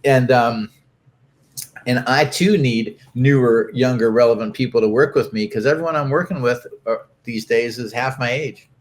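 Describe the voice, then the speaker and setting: A man's voice: medium pitch, normal speed. An older man, a guest in an interview, talking casually with many restarts and fillers.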